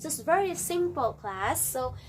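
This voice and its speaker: A woman's voice: high voice, lively intonation, unhurried, faint music behind. A woman teaching a grammar lesson to a class, repeating and restarting phrases as she explains.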